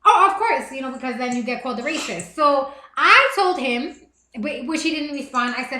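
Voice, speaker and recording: Emphatic high-voiced woman streamer. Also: normal speed, echoey room, noisy background. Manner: animated, emphatic, repeats words for emphasis. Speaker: livestream host. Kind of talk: casual live-stream chat.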